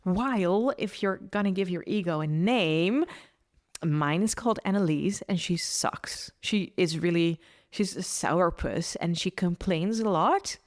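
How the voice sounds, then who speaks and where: Woman coach talking solo on her podcast, lowish voice, upbeat, restarts a lot. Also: unhurried. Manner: earnest, upbeat advice with frequent restarts. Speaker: podcast host and mindset coach.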